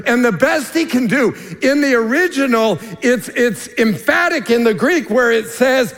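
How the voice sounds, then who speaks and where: A man preaching a sermon as lead pastor, earnest and emphatic, dropping to a hushed tone for key points. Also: very high voice, sing-song, normal speed. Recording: long reverb of a large hall.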